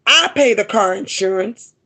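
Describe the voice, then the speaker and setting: A woman's voice: medium pitch, lively intonation, normal speed, bright, forceful tone. A middle-aged woman hosting a live stream, talking to her viewers with emotion and often repeating herself for emphasis. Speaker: livestream host.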